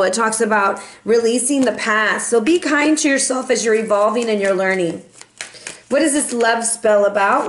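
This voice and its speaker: A woman's voice: on the high side, reverberant, slight background noise. Chatty woman giving a tarot reading. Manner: chatty and playful, sings and meows in bursts. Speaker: tarot reader.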